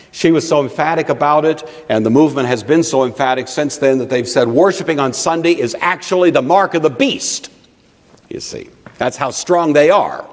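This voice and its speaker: A man preaching a teaching sermon in an animated, conversational way with frequent asides. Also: medium pitch. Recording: long reverb of a large hall.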